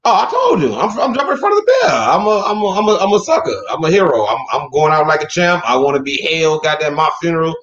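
A man hosting a casual, joking chat, animated and profane, who often acts out other people's voices. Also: fairly high pitch, quick pace, hardly any pauses. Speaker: podcast host. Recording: echoey dull lo-fi room.

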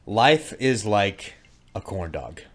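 A man co-hosting a podcast, trading deadpan, profane jokes and laughing in casual crude banter. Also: lowish voice, slow. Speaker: podcast co-host. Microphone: studio microphone with headphones.

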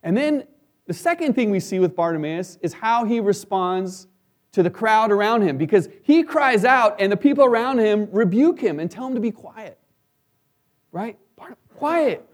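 High-voiced man preaching conversationally. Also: animated, moderate pace. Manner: conversational preaching with frequent "right?" asides. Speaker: pastor. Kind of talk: sermon.

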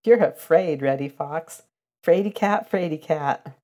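A woman's voice: deep voice, normal speed, a little mellow, lightly acted. A woman voicing a boastful young male mink in a storybook, teasing in a sing-song way. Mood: taunting.

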